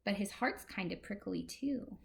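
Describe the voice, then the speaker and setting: A woman's voice: mid-range voice, a little slow, vocal fry. A woman librarian reading a picture book aloud to preschool children, asking them questions as she goes. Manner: animated, talks to small children.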